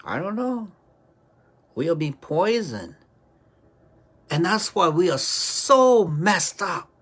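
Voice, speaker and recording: Woman commentator, unhurried, animated intonation, preachy and questioning. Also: on the low side, slightly rough. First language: Hmong. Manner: rhetorical, keeps asking "right?". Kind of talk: preachy opinion monologue.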